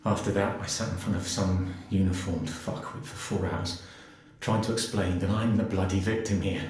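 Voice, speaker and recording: An actor playing a cynical, sarcastic Dublin man with a gruff, swearing, gallows-humor delivery, heard from a game clip. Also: deep voice, fairly even intonation, normal speed, a little mellow, very echoey, natural voice. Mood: bitter. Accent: Dublin Irish.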